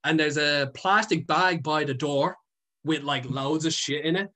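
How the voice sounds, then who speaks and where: A man's voice: fairly high pitch, measured pace, sharp tone. A young man, a guest telling a story casually, rambling with many fillers and frequent swearing. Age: young adult. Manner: rambling, heavy with fillers and swearing, laughs often. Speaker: guest, content creator.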